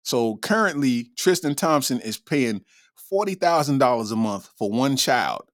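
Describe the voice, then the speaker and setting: A man's voice: mid-range voice, animated, unhurried, no echo, studio quality. A man hosting a comedy podcast, talking in loose slang with frequent laughter and an irreverent tone. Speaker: podcast host. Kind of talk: casual comedic commentary.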